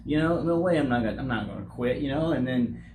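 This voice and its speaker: A man in his forties, owner of a roofing company, speaking candidly in an interview, halting and repeating words as he talks. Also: mid-range voice, lively intonation. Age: 40s. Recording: echoey room with noise.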